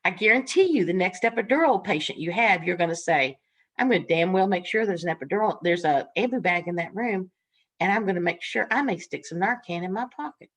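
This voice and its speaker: An older woman teaching a nursing class, frank and folksy, laughing often as she tells stories from the ward. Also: mid-range voice. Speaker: nursing instructor. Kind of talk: classroom lecture with storytelling.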